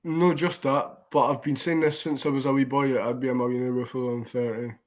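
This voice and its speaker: A man's voice: mid-range voice, level tone, fairly quick. A young Scottish man with a Scottish accent, a guest chatting cheekily on a podcast over a laptop video call. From Scotland. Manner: cheeky, jokey. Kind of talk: casual podcast chat.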